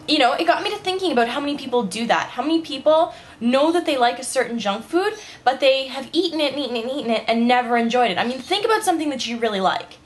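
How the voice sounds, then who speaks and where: A young woman with a fairly high voice chats into the camera at home, still in her morning voice just after waking up. She rambles easily, filling her talk with "like" and "you know.". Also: expressive, fast, hardly any pauses. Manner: chatty, rambling, says "like" and "you know" often. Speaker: vlogger. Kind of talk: casual vlog monologue. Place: at home, indoors.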